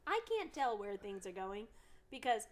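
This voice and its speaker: A woman's voice: mid-range voice, sing-song, moderate pace. A woman guest on a podcast, chatting casually in a giggly, self-deprecating way. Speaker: podcast guest, content creator.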